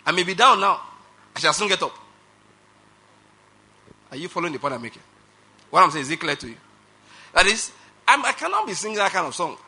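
Pastor guy preaching, high husky voice, real bright, keeps asking "you following?". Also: big pitch swings, fairly quick, long pauses. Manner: emphatic preaching with rhetorical questions; laughs between phrases. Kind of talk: sermon.

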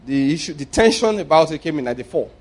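A middle-aged Nigerian man preaching a sermon, telling stories and swinging between loud emphasis and quiet asides. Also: a little high, lively intonation, fast.

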